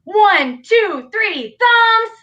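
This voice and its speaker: A woman hosting an improv game show, announcing in a drawn-out, showy way. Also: very high voice, lively intonation, sharp tone, dull audio.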